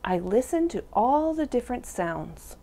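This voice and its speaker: A woman reads a children's picture book aloud at story time. Her pitch moves a lot as she reads, and she takes her time over each line. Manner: slow, expressive reading. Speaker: storytime reader.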